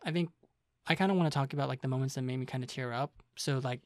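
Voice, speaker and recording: A man's voice: mid-range voice, fast, darkish tone, no echo. Young male co-host, casual and chatty, mid-range voice, dry close mic. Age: young adult. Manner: chatty, lots of fillers, retells scenes. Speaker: podcast co-host. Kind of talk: casual chat.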